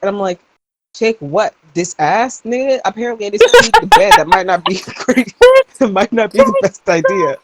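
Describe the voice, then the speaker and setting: A woman's voice: mid-range voice, sing-song, moderate pace, heavy background noise. A young adult woman co-hosting a podcast, telling a story in casual chat and acting out the people she quotes. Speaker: podcast co-host.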